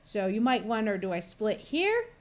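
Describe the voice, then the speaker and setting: A woman's voice: medium pitch, very animated, moderate pace. A woman with an American accent teaching a phonics lesson as a reading tutor, patiently spelling out sounds and words one by one. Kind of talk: slow, careful phonics lesson.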